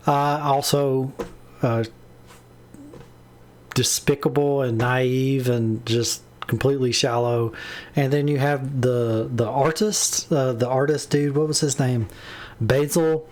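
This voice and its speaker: A man's voice: mid-range voice, a little mellow. A man giving a casual spoken book review, rambling with many restarts and fillers, plainly exasperated.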